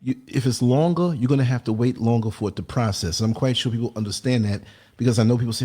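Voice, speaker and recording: A man hosting a casual livestream talk show, telling lively stories and often checking in with "you know what I mean". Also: medium pitch, quick pace, husky. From United States. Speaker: podcast host.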